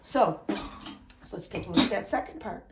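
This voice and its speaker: A woman's voice: medium pitch, moderate pace, heavy background noise. A woman giving a casual drum lesson, counting beats aloud and often checking with "okay?". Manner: relaxed, often adds "okay?". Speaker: drum teacher. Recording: drums playing behind the voice.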